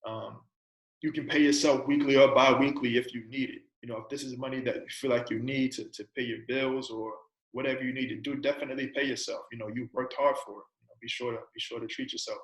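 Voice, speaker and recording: Man, casual trading talk, flat, coaching questions, echoey room. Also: mid-range voice, quick pace. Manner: conversational, repeats "right?" and "you know"; asks a string of coaching questions. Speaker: trading presenter. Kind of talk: informal trading lesson.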